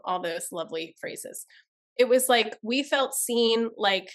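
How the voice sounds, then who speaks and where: A woman's voice: on the high side, lively intonation, slow. A woman trauma therapist speaking as a podcast guest, emphatic and blunt as she explains her points. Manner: emphatic, blunt, talks through examples. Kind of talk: podcast interview.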